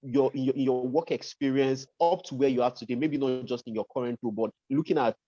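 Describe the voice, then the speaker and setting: A man's voice: medium pitch, steady tone, fast, dark tone, no echo, highs cut off. Hesitant man asking careful questions. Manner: hesitant, careful phrasing with many fillers. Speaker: podcast host. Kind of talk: interview questions.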